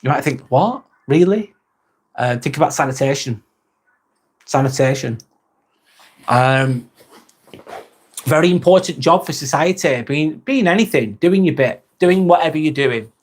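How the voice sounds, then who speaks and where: A man's voice: on the high side, normal speed, long pauses. A man in his forties hosting a casual livestream, chatting loosely, swearing now and then and reading viewer comments aloud. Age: 40s. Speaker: livestream host.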